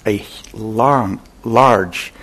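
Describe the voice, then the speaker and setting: Older man, meditation teacher, husky voice, low-pitched, unhurried dharma talk. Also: a bit bright. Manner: unhurried, pausing storyteller. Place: meditation center hall.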